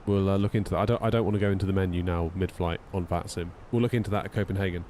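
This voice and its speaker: A man's voice: deep voice, fairly even intonation, racing, mellow, slight background noise. A man chatting casually on a flight sim live stream, wry and a little tired, reading out chat messages as he goes. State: yawning, tired.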